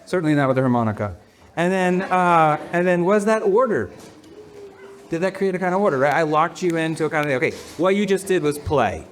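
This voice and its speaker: Pastor, male, high voice, leads a clapping game with the congregation, playful and laughing. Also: expressive, a little fast. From United States. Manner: playful, laughing, counting in the crowd. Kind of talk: leading a congregation in a rhythm game. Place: church hall with a congregation.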